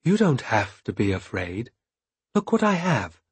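A man's voice: mid-range voice, very animated, measured pace, husky, dry recording, exaggerated voice. A man reading an audiobook, voicing a coaxing female jailer who whispers breathily to lure a child. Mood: whispered coaxing.

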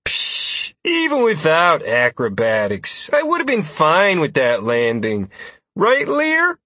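Man doing a cocky rogue, bouncy and high, husky and close, for an audiobook. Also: wildly swooping pitch, slow, bright, forceful tone, dry recording, heavily acted. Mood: smug. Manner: chuckling, smug. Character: cocky young male rogue, playful.

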